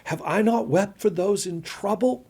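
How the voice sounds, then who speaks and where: Emphatic man pastor, slightly high voice. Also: unhurried, vocal fry, dark tone, slightly rough. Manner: emphatic, reads scripture aloud with feeling. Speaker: pastor and podcast host. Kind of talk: Bible study podcast conversation.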